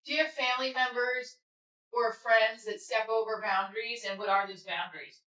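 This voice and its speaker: A woman's voice: on the high side, steady tone, moderate pace, pushed and bright. A woman hosting a casual livestream chat with viewers, candid and rambling, swearing freely. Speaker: livestream host. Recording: echoey room, slightly dull audio.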